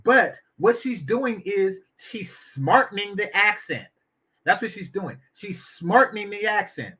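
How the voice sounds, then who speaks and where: A man with a bright, forceful voice gives blunt, opinionated commentary and swears freely. He sits a little high in his register. The audio is dull and lo-fi. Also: animated, unhurried, husky. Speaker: commentary channel host. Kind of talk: casual commentary on an interview.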